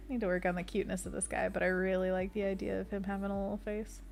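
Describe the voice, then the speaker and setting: Talking fairly quickly with vocal fry in a mid-range voice, a woman illustrator streams a casual sketching session. She chats while drawing, reads chat aloud and adds small sound effects, and there's a little hiss or hum on the recording.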